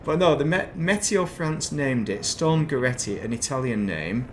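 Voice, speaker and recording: A man's voice: mid-range voice, animated, moderate pace, a little hiss or hum. A man chatting casually while playing a game on stream, rambling between topics with self-deprecating asides at his desk mic. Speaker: gaming streamer.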